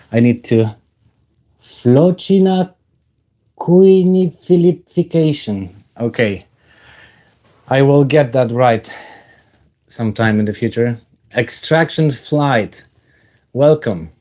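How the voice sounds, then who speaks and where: A man hosting a casual livestream, halting with many fillers while he greets viewers in the chat and talks about his own life. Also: mid-range voice, a little mellow. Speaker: livestream host.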